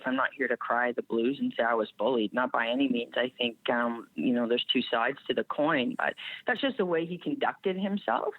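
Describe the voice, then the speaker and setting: A woman's voice: very deep voice, no echo. Canadian woman coach talking candid and reflective, dry tinny phone-like sound. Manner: candid, plain-spoken, reflective. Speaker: guest strength coach. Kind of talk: storytelling in a podcast interview. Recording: tinny phone-like remote line.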